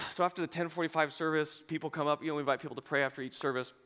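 Animated pastor in a reverberant church hall. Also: male voice, fairly high pitch, very fast. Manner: animated storytelling, acts out dialogue with laughter. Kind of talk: storytelling sermon. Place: church auditorium. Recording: long reverb of a large hall.

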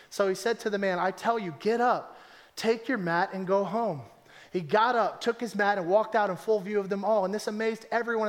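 A man preaching a sermon to his congregation, animated and conversational, driving points home with emphatic repetition. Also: high-pitched. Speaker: pastor.

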